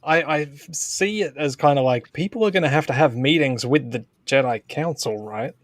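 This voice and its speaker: A man hosting a casual aftershow chat, excitable and quick to gush. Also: mid-range voice, dry recording, clean studio sound. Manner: excitable, keeps saying "oh God". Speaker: host.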